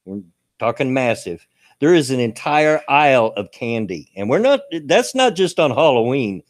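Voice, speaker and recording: A man's voice: mid-range voice, big pitch swings, normal speed. Folksy man host. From American South. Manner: folksy, repetitive, chatty. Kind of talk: casual chat.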